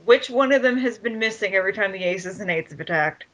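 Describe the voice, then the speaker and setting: A woman's voice: mid-range voice, expressive, fast, fairly bright tone, poor audio. A woman co-hosting a wrestling podcast, blunt and sarcastic in casual chat. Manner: blunt, sarcastic, laughs easily. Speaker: podcast co-host.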